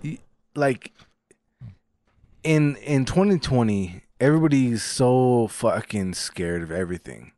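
A male podcast co-host in casual chat who talks emphatically, swears, and pushes listeners to get out and support people. His pitch is middle and his delivery is lively and varied. The recording is dry and close. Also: unhurried, no echo. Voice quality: emphatic, swearing, gives encouraging shout-outs.

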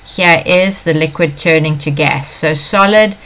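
A woman's voice: deep voice, unhurried, a bit bright. A woman science teacher walking students through an exam question, patiently explaining and repeating the key points. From South Africa. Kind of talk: exam paper walkthrough lesson.

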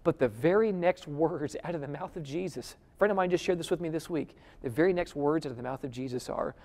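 Dramatic preacher in a reverberant hall. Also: male voice, a little high, fast, hardly any pauses. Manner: dramatic, swings between loud emphasis and hushed near-whisper; addresses the audience directly with questions. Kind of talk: sermon. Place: conference hall before a live audience.

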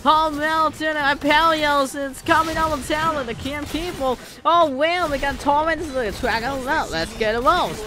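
A young man gives live gameplay commentary, breaking into bursts of loud excited exclamations. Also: very high-pitched, unhurried, hardly any pauses. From Philippines. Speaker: gaming channel host. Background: game music.

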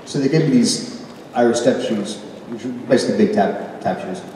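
A middle-aged man telling stories on stage at a convention panel, animated and self-deprecating, laughing often. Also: on the low side, fairly quick, noisy background. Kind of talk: casual storytelling on stage. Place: large convention hall. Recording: echoey hall recorded from far off.

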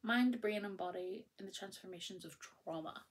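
A woman talks through her recent reading in a relaxed, chatty podcast voice, pitched in the middle of the range. She gushes easily and fills her pauses with ums. Her tone stays informal and unscripted throughout. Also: a little hiss or hum. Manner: chatty and enthusiastic, many ums and restarts. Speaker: podcast host. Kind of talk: casual chat about books.

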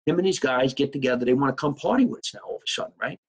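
A man's voice: medium pitch, rapid-fire, slightly rough, rough recording. A man hosting a comedy podcast, telling a rambling, profane, improvised comic story.

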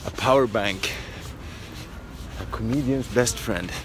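A middle-aged man from Sweden with a Swedish accent, a comedian talking casually to camera in a halting, self-deprecating way with many fillers. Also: medium pitch, background noise. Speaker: comedian vlogger. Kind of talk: casual vlog talk.

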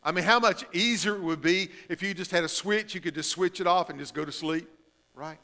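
Bright-voiced male pastor preaching. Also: sits high, long reverb tail. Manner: swings between emphatic and hushed, drawn-out delivery. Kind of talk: sermon.

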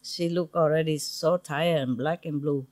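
A woman teacher speaks to her disciples in a relaxed, humorous lecture, with a fairly low voice. Her English is non-native and simply built, full of quick asides. The sound is close and dry, with no room around it. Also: no room sound. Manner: chatty and humorous, laughing between asides. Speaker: spiritual teacher addressing disciples. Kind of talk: informal spiritual lecture. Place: meditation centre lecture.

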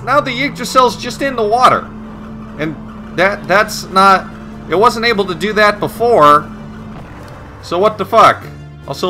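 A man with a high, bright voice talks over a game, swearing freely and mocking what he sees. His pitch jumps around a lot as he gets worked up, and faint game music plays underneath. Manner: profane, sarcastic, excitable. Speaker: let's play host. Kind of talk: gameplay commentary.

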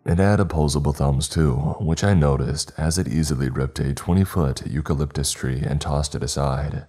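A man with an extremely deep, dark, mellow voice narrates a scripted horror story. He tells it in a measured, dramatic way, with faint music running underneath. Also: husky. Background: faint background music.

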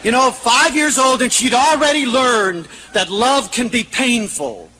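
A man giving a public lecture to an audience. He tells stories in an animated way, with self-mocking humor. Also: extremely high pitch, measured pace, slight background noise, poor audio.

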